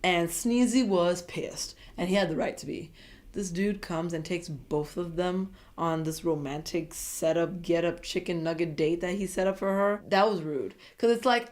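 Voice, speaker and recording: A woman giving a casual, opinionated recap of a TV episode, chatty and quick to slip into playful voices. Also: lowish voice, darkish tone. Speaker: TV show recap vlogger. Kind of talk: casual commentary monologue.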